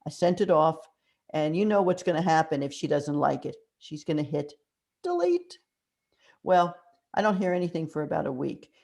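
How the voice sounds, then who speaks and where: An older woman, a mystery author, telling animated anecdotes in an interview and acting out the quotes in them. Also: deep voice, a little fast, creaky. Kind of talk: conversational storytelling interview.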